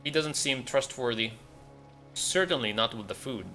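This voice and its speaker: A man's voice: mid-range voice, expressive, moderate pace, pushed and bright, faint music behind. A man reading a curt, firm detective. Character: blunt, no-nonsense male detective. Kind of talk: reading game dialogue aloud.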